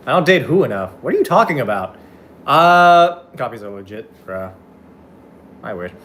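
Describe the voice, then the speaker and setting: A young man chatting casually on a live stream, reading out viewer comments and rambling excitably between topics with lots of swearing. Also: medium pitch, normal speed.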